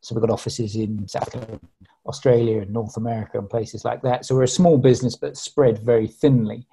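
A man's voice: mid-range voice, steady tone, a little fast, gravelly, warm tone, a little hiss or hum, poor audio. A middle-aged man introducing himself as an investor on a video call, genial and self-deprecating, with fillers. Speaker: investor panelist.

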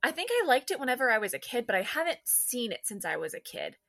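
A woman's voice: on the high side, big pitch swings, quick pace, pushed and bright. A woman co-hosting a podcast in casual chat, laughing often and hunting for words with many fillers. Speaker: podcast co-host.

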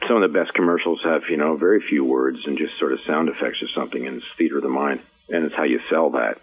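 Middle-aged guy, real low voice, rambly and swears a bit, sounds like over the phone. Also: quick pace, narrow, tinny audio. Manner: rambling, restarts often, swears casually. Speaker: voice actor guest. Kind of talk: podcast interview.

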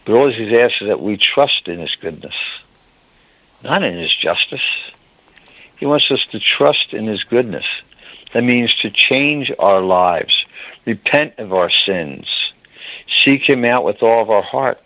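A man's voice: lowish voice, lively intonation, a little slow, no echo. A man preaching a sermon, earnest, often addressing his listeners as beloved, choked up with emotion. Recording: dry, phone-like narrow sound.

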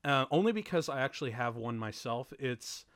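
A man chatting casually while watching a movie with friends, excitable, laughing often and swearing in mock outrage. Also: mid-range voice, fairly quick, no room sound, studio quality. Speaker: movie commentary co-host.

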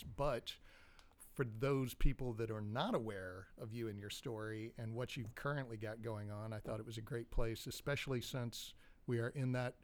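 A man co-hosting a podcast in casual chat, joking and rambling, laughing often. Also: medium pitch. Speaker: podcast co-host.

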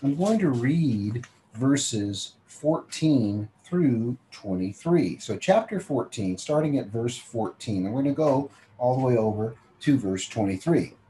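A man preaching a Bible teaching sermon. He reads scripture slowly, then explains it in plain conversational talk and invites listeners to picture themselves in the story. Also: medium pitch, animated, warm tone, a little hiss or hum, poor audio.

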